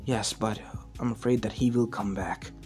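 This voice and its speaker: Brief: soft-spoken, forgiving animatronic sister, voiced by a man. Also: lowish voice, fairly even intonation, normal speed, soft background music, lightly acted.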